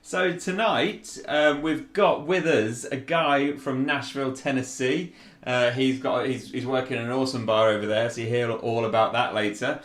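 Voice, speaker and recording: A man's voice: medium pitch, normal speed. Man, bartender host, casual cocktail demo, chatty, echoey room. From Yorkshire, England. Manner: chatty and relaxed, with fillers and restarts.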